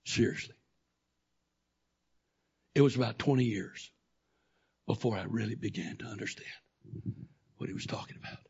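A man preaching a sermon, telling a personal story that swings from quiet, low talk to loud, shouting intensity. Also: normal speed, creaky, long pauses, slightly rough, dull audio.

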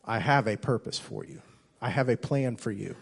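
A man preaching a sermon as pastor, impassioned, repeating and restarting phrases and swinging between loud and soft. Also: on the low side, normal speed, creaky, slightly rough.

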